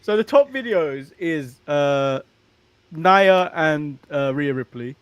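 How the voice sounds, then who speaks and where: A man's voice: fairly high pitch, lively intonation, takes it slowly. A man from England with an English accent, co-hosting a wrestling podcast in a wry, teasing way with hesitant fillers. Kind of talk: casual chat.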